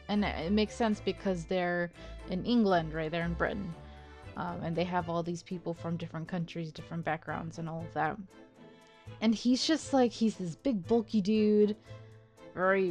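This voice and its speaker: Slow, rambling woman gaming commentator. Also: medium pitch. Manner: rambling and self-deprecating, with frequent laughs; many fillers and restarts, thinking aloud. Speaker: let's play host. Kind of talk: casual gameplay commentary.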